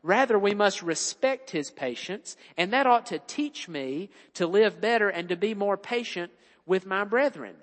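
Male preacher, earnest and explanatory, high-ish voice, reverberant church hall. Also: lively intonation, a little slow, fairly bright tone. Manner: earnest, explanatory, quotes scripture. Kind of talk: sermon.

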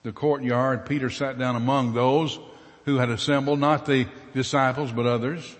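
Male preacher, mid-range voice, theatrical retelling with loud peaks and quiet asides, long reverb. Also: medium pitch, steady tone, moderate pace. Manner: dramatic, acts out voices, shifts from loud bursts to hushed asides. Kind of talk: sermon storytelling.

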